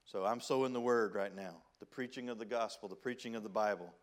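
A man preaching a sermon as pastor, with a Southern country accent, reading scripture in old-style wording and swinging between loud emphasis and hushed pleading. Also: lowish voice, brisk. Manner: folksy preaching, reads King James scripture.

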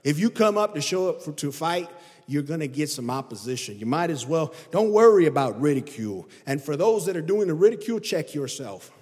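A man preaching a sermon with emphatic delivery, swinging his pitch and volume up and down. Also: very animated, brisk. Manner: emphatic preaching that rises and drops in pitch and loudness. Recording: long hall reverb.

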